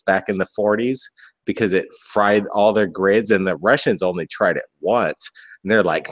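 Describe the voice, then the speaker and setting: Low-voiced man explaining, rambling. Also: moderate pace, no echo. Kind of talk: casual chat.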